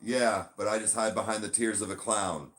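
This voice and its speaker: A man co-hosting a casual podcast, talking loosely and swearing, switching between a chirpy service voice and a flat low one. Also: normal speed. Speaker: podcast co-host; bartender.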